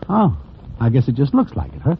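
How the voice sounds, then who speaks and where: An actor playing a wry Broadway storyteller who narrates in a formal present tense, in a 1940s radio drama. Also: male voice, medium pitch, wildly swooping pitch, brisk, gravelly, a little hiss or hum. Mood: droll. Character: wry Broadway storyteller man, plain-spoken. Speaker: narrator and lead character. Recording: tinny old radio broadcast.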